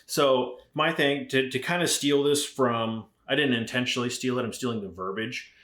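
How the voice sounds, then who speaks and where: A man's voice: mid-range voice, moderate pace, a bit bright. A middle-aged man from Arizona who founded a rifle company, chatting casually as a podcast guest and telling rambling stories full of fillers and swearing. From Arizona, USA. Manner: profane, rambling storyteller with frequent fillers. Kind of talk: casual chat. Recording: roomy echo.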